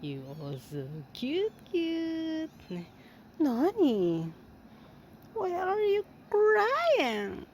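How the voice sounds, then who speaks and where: Slow, cooing woman talking to kittens. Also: high-pitched, darkish tone, a little hiss or hum. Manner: cooing, slow, playful, laughing often. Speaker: vlogger filming her cats. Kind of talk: casual baby talk to kittens. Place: home with many cats. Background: kittens meowing.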